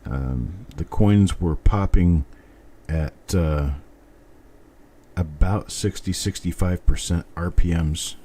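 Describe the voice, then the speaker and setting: A man's voice: deep voice, slow pace, warm tone. A middle-aged man hosting a live stream, chatting casually and thinking aloud as he goes. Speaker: host. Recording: faint background noise.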